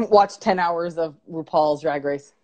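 Speaking slowly in a lowish voice, a female life coach reflects openly on emotions in a relaxed livestream interview over video call, thinking aloud and saying "like" a lot.

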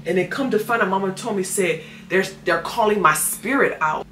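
A woman's voice: medium pitch, brisk, pushed and bright. A young adult woman telling her story with animation and acting out what others said. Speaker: guest giving testimony. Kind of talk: emotional storytelling. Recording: echoey room with faint noise.

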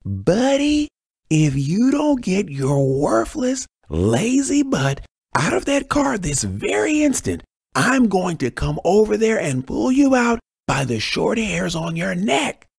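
A man voicing a fierce, bossy woman who scolds loudly in a raised, high voice. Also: very animated, normal speed, dry recording, clean studio sound. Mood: bellowing.

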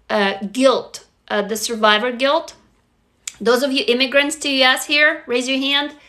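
Bright-voiced woman with a Russian accent. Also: on the high side. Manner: candid, rambling, reads comments aloud. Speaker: livestream host. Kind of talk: casual livestream chat.

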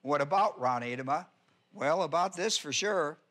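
A male pastor teaching a Bible passage in a sermon, slow and deliberate, repeating key words for emphasis. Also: on the high side, animated, fairly bright tone.

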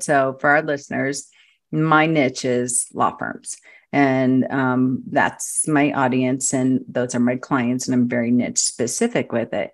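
A woman with a notably low voice speaks as a guest on a podcast. She tells stories in an animated, chatty way, often restarting her sentences as she goes. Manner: animated storyteller, frequent restarts. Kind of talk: casual interview chat.

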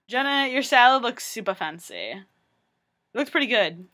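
Bright, chatty young woman vlogging. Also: fairly high pitch, normal speed. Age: young adult. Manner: chatty, excitable, lots of "like". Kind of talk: casual vlog chat.

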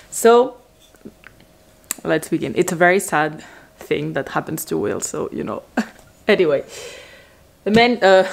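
A woman giving a casual, rambling recap of a TV series, excitable and full of "like" fillers. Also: lowish voice.

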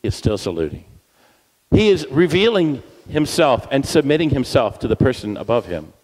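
A man speaking as a guest at a church service, energetic and playful, leading the crowd in call-and-response chants. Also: mid-range voice, normal speed. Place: church hall. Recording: long reverb of a church hall.

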